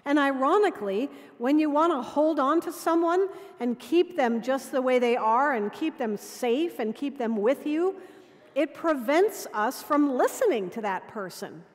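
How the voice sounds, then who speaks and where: A woman dean preaching a sermon in measured storytelling, sometimes dropping to quiet intimacy. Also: sits high, expressive. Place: cathedral. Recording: long cathedral reverb.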